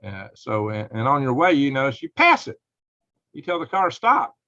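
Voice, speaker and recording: Guy rambling thru a live stream, mid pitch, dull dry lo-fi sound. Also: expressive, normal speed, pushed and bright, no echo. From United States. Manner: rambling, speculative, chuckles often. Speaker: live show host.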